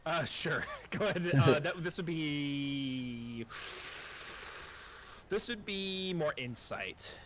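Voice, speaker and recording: A man's voice: fairly high pitch, takes it slowly, fairly bright tone, slight background noise. A man narrating as game master in a casual, profane, self-deprecating way.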